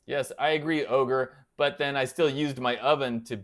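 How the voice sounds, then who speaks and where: A man's voice: mid-range voice, fairly even intonation, normal speed, fairly bright tone. A man hosting a casual livestream, chatting and answering viewer comments aloud in a playful, self-deprecating way. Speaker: livestream host of a guitar channel. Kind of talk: casual live-chat banter.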